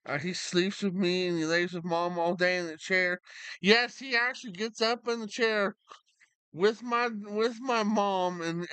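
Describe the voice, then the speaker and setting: A man's voice: sits high, pushed and bright, clear, resonant tone, dry recording. A man casually chatting on a live stream at home, rambling to his viewers and his dog beside him.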